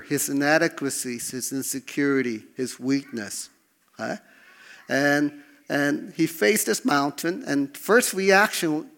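A man's voice: a little high, fairly bright tone. A man preaching a sermon, asking the congregation to respond and checking in often with "okay?". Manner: preaching with call-and-response prompts, frequent "okay?". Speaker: pastor.

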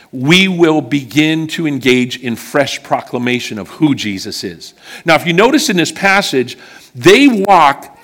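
A man preaching a sermon to a congregation and telling personal stories, earnest and emphatic, often dropping low and quiet on key words. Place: church service before a congregation.

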